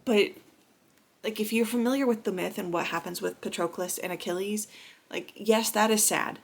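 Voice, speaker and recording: A woman's voice: medium pitch, normal speed, gravelly. A woman in her thirties talking casually in a reading vlog, chatty and gushing, with laughs and sighs. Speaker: book vlogger.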